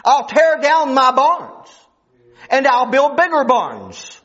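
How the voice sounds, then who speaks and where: A man voicing a boastful rich farmer who muses slowly about building bigger barns, on a dull lo-fi recording. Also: very high voice, wildly swooping pitch, pushed and bright, full character voice. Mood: musing.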